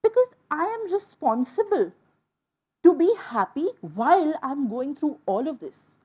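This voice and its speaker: A woman from India telling a personal story to an audience, in an emotional, animated way. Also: high-pitched, a little slow. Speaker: speaker. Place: stage before an audience.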